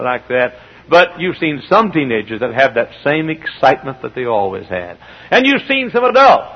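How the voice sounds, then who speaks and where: A man preaching a sermon, telling stories with animation and building to shouts. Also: medium pitch, very animated, moderate pace. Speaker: pastor. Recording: dull lo-fi archival sermon tape.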